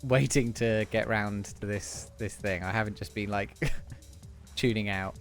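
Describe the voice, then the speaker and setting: A man hosting a casual game stream, chatting excitably and swearing when the game goes wrong. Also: lowish voice, unhurried, faint music behind. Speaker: streamer playing a platform game. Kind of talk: casual let's-play chat.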